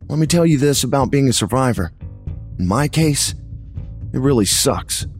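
A man's voice: medium pitch, a little mellow. A man narrating a horror story in the first person, in a brooding, confessional tone.

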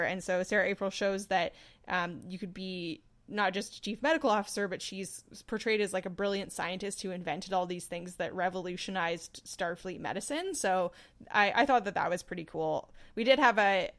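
A woman co-hosts a podcast in a relaxed discussion, speaking at a medium pitch. She is chatty and jokes around, often breaking into laughs. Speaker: podcast co-host. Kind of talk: casual discussion.

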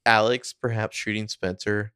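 A man's voice: lowish voice, fairly even intonation, moderate pace, sharp tone, smooth, dry recording, clean studio sound. A man co-hosting a podcast, rambling through a TV recap in a laid-back, wry way. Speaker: podcast co-host. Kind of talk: casual TV recap chat.

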